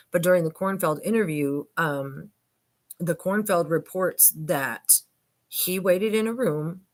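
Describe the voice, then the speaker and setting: An older woman vlogger giving casual commentary on documents, chatty and emphatic, often addressing viewers as "you guys". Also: deep voice.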